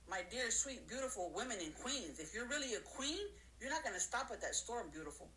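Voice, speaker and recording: A woman giving a casual motivational talk to her audience, counting off her points and acting out other people's voices in high squeals. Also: sing-song, fairly quick, hardly any pauses, sharp tone, slight background noise, rough recording. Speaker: motivational speaker.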